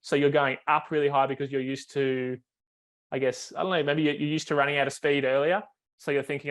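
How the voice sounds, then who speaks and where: A man's voice: a little high, level tone, brisk, fairly bright tone. A man, a foiling coach, explains technique on a video call, step by step, with many fillers and restarts.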